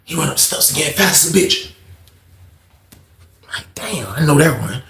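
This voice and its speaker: A man telling a prison story in a casual storytime vlog, animated and profane, swinging from shouting to hushed. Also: a little high, normal speed, creaky, roomy sound, slight background noise.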